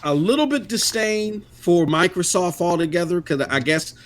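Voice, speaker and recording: A man's voice: high voice, expressive, normal speed. A middle-aged man co-hosting a casual gaming podcast, talking bluntly and emphatically and swearing freely. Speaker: podcast co-host.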